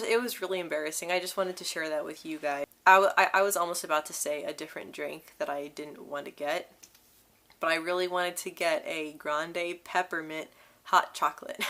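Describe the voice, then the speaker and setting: A young woman talks straight to her viewers in a casual, candid way. Her stutter shows as repeated syllables and blocked words. Her voice sits a little low for a woman. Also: normal speed, pushed and bright. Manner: candid, laughs between phrases. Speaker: vlogger. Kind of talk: casual storytelling to camera.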